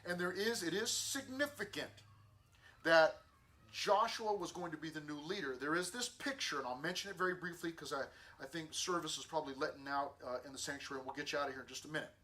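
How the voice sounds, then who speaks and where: A man teaching a Bible lesson to a youth group in a casual, lively way, acting out the dialogue as he tells the story. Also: a little high, fairly quick. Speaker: youth pastor. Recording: distant mic with faint room ambience.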